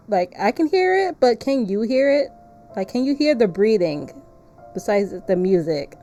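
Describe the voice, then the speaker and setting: Playful, mellow-voiced woman streamer. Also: sing-song, normal speed, faint music behind. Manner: playful and chatty, laughs often, reads narration in a lowered soft voice. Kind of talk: casual live-stream chat and reading game text.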